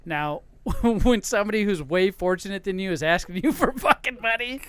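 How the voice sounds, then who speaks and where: Profane high-voiced ranting man. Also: expressive, moderate pace, fairly bright tone, clear, resonant tone, dry recording. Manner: profane storytelling. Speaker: podcast host. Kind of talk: casual ranting chat.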